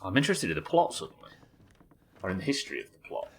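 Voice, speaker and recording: A man's voice: sits low, very animated, fast, husky. A British man commenting on a horror game as he plays it live, musing aloud, reading notes and chatting with viewers. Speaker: streamer.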